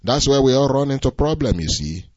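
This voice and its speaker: A man's voice: mid-range voice, sing-song, a little fast, a little mellow, no room sound. A man preaching a sermon in an emphatic, repetitive cadence, often adding "you see". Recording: dull lo-fi recording.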